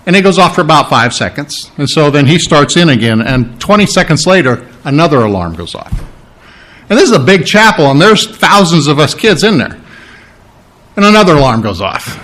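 A man delivering a sermon in a relaxed, folksy storytelling manner. He talks to the congregation like he is chatting with them, full of asides and rhetorical questions. His voice sits a little on the high side for a man. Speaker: preacher. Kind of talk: sermon with personal stories.

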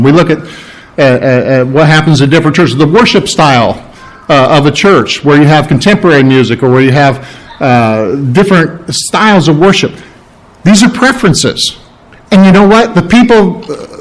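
A man's voice: high voice, poor audio. Conversational pastor preaching to his congregation. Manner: conversational, asks the congregation questions. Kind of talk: sermon.

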